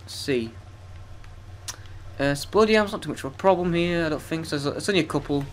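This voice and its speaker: A man's voice: fairly high pitch, expressive, fairly quick, slight background noise. A young man giving profane, sarcastic, self-mocking commentary while playing a video game. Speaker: let's play gamer. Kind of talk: gameplay commentary.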